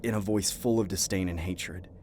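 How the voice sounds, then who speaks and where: A man narrating a first-person horror story in a measured, scripted way. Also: low voice, steady tone, a little mellow, a little hiss or hum. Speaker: narrator and voice actor.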